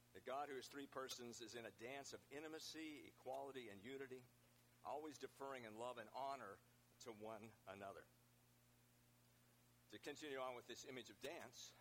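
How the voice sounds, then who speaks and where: A male pastor gives a conversational sermon. He talks it through plainly and often restarts his phrases. A low hum sits faintly behind him. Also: fairly bright tone, low-quality recording. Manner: conversational preaching with frequent restarts.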